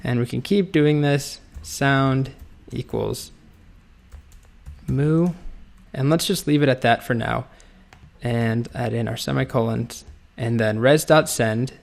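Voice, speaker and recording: A man's voice: medium pitch, slow, creaky. A man teaching a coding lesson, explaining step by step as he types. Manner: relaxed, explains step by step while typing. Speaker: coding instructor. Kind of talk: screen-recorded coding tutorial.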